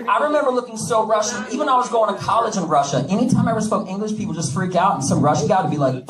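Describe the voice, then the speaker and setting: A man's voice: high voice, lively intonation, racing, few pauses. A man doing a stand-up comedy set with a brash manner, joking with the crowd. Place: comedy club stage. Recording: echoey club, distant mic, audience noise. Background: audience laughing.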